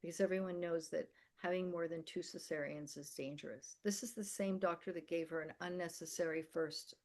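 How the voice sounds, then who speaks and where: Older woman, low-voiced candid storyteller. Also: steady tone, fairly quick, darkish tone. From America and the Philippines. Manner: vivid, emphatic storyteller who acts out quoted dialogue. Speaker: podcast guest.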